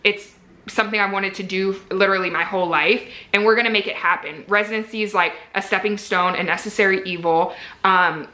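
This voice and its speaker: A woman's voice: medium pitch, steady tone, a little fast, bright, forceful tone. Chatty young woman in an echoey room. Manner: chatty, frequent "like" fillers, candid and earnest. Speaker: medical resident vlogger. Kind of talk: casual vlog talk to camera.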